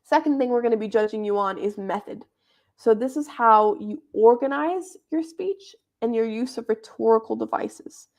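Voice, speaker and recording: A woman's voice: on the high side, expressive, normal speed, a little mellow. A young woman leading a debate club workshop, explaining in a chatty, informal teaching manner. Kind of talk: explaining debate judging criteria.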